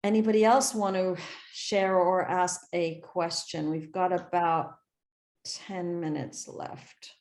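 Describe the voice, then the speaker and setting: Woman, group coach on a call, lower voice, upbeat explainer. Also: slow, roomy sound. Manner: animated, explains with examples and rhetorical questions. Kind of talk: casual coaching talk.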